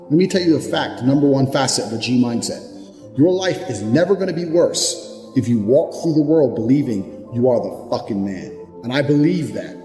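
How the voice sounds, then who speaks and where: A man's voice: medium pitch, dark tone. Blunt, profane man with a motivational speech. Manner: blunt, profane, emphatic conviction. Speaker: motivational speaker. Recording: reverberant hall with background music. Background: music.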